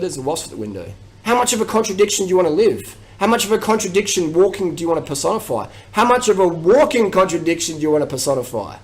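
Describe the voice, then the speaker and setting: A man's voice: on the high side, rough recording. A man ranting on his vlog, aggressive and mocking, swearing heavily. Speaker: vlogger. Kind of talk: profane rant.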